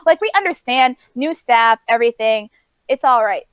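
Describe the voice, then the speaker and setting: A woman co-hosting a casual podcast chat, telling an animated story with laughs and acted-out quotes. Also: high-pitched, normal speed, clear, resonant tone, no echo. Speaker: podcast co-host.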